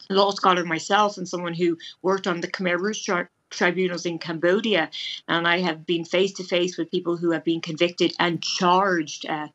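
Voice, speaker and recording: A woman with a low, flat voice answers a news interview over a remote link. She speaks with emotion and hesitates often, and the sound is dull and lo-fi. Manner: emotional, hesitant, many fillers. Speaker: former diplomat and lecturer.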